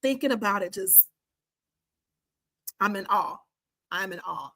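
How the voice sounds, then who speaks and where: A woman's voice: mid-range voice, expressive, measured pace, pushed and bright. A woman in her fifties from the American East Coast, hosting a podcast, chatting animatedly, repeating phrases for emphasis and closing with a fervent prayer. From Washington, D.C. and the Carolinas, USA. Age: 50s. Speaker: podcast host. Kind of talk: casual podcast outro and prayer.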